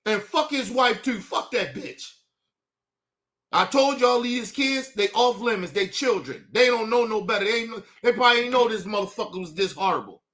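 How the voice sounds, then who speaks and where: A male show host giving a heated, profane commentary rant, swinging from low muttering to shouting. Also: moderate pace.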